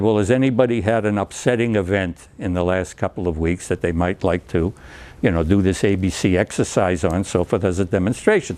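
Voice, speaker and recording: An older man with a somewhat low voice gives an anecdotal lecture to a group. He talks in a chatty way, stumbles through fillers and restarts, and acts out the dialogue in his stories. Small chuckles come between his points. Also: darkish tone. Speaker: speaker giving a talk on recovery therapy. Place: lecture room.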